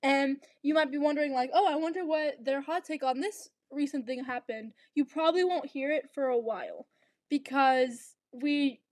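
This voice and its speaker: A young woman co-hosting a podcast in casual chat, chatty and playful with quick asides. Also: high voice, darkish tone, dry recording. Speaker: podcast co-host.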